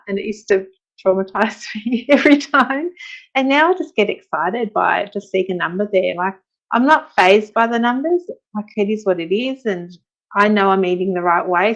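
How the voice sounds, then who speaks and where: A woman's voice: lowish voice, gravelly, dull audio. A woman chatting casually on a live stream as a guest, reading out viewer comments and talking about her own progress.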